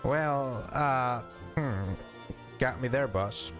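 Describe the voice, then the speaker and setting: A man's voice: mid-range voice, extremely slow, music in the background, pitched above the performer's own voice. A man voicing a sarcastic, wisecracking floating talking skull in a game reading. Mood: wry. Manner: wisecracking, doubtful.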